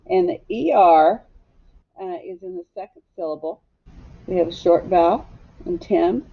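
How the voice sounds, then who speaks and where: A woman's voice: lowish voice, gravelly. A woman teaching a phonics lesson to young children, patiently asking them to repeat words after her. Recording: slightly dull lo-fi recording.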